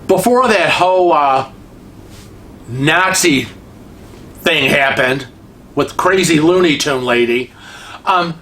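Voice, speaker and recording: A vlog host telling a travel mishap story in a casual, animated and indignant way, with restarts and repetition. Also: medium pitch, slow, pauses often. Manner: seated in a wheelchair while talking.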